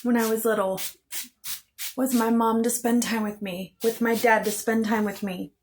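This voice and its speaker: A woman's voice: a little high, steady tone, moderate pace. A woman telling her own story to camera in an intense, bitter way, swearing heavily and repeating phrases for emphasis. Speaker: vlogger. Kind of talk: emotional personal storytelling.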